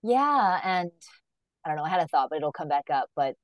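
A woman's voice: deep voice, sing-song, fairly quick, no room sound, highs cut off. A woman hosting a podcast, chatting casually and laughing as she rambles through a story. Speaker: podcast host. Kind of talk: casual interview chat.

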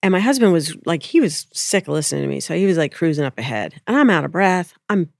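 Woman sharing a spiritual story, gentle and reflective, dry close mic. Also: sits low, sing-song, fast talker, vocal fry, dry recording. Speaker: spiritual speaker. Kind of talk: casual storytelling chat.

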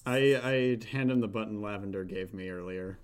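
A man's voice: lowish voice, moderate pace, smooth. Man player, casual, dry humor.

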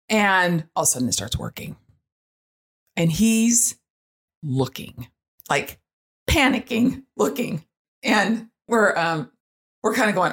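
A woman sharing a parenting story in a casual monologue, chatty and animated, full of fillers and asides. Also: low-pitched, moderate pace. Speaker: parent sharing experience with autism.

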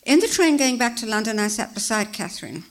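A woman reading a story aloud as narrator, in a measured, expressive way. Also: on the high side.

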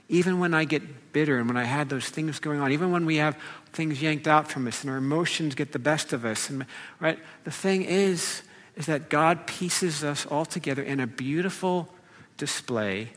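A man's voice: fairly high pitch, fairly bright tone. A man preaching an informal sermon as a pastor, talking loosely with many fillers and restarts. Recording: long hall reverb.

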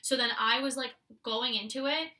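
A woman's voice: a little high, moderate pace, sharp tone, recorded from a distance. A woman hosting a casual podcast, chatting away and telling stories, filling her talk with "like". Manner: chatty storyteller, says "like" constantly. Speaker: podcast host.

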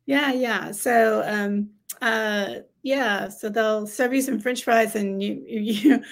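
A bubbly American woman co-hosting a relaxed chat show. Her fairly high voice carries a gravelly fry, and she laughs often between chatty, filler-strewn thoughts. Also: slow pace. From United States. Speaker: co-host. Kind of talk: casual chat show conversation.

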